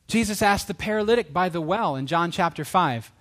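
A middle-aged man preaching a sermon, animated, asking rhetorical questions and acting out quoted voices. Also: high-pitched, fairly quick, few pauses.

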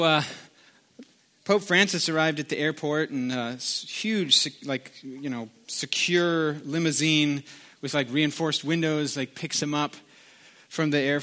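Middle-aged male pastor, relaxed storyteller, slightly higher than usual voice. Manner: loose, conversational storytelling with fillers. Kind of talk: sermon with opening joke.

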